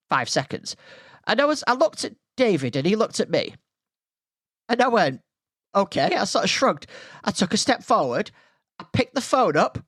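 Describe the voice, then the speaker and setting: A man's voice: sits high, a bit bright, no room sound, clean studio sound. A man hosting a podcast, telling a school story in a casual, rambling way full of tangents. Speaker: podcast host.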